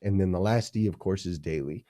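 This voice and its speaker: A man's voice: low voice, a little fast, warm tone. A man, a leadership coach, being interviewed on a podcast, teaching energetically in punchy, repeated phrases.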